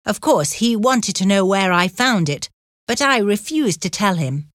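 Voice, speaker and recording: A woman reading as an earnest young man home after years away, in a slow storybook voice. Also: medium pitch, expressive, dry recording, studio quality, natural voice. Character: young man, freed convict, bold and tender.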